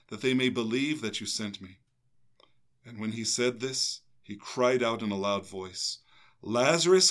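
A man's voice: mid-range voice, fairly bright tone. An older man, a priest, reading a gospel passage aloud and then reflecting on it in earnest, meditative talk with a co-host. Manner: earnest, meditative, with some restarts.

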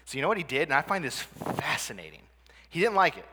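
A man's voice: on the high side, big pitch swings, quick pace, background noise. A man giving a conversational presentation to a live audience as a teacher, often asking the listeners questions. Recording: long reverb of a hall.

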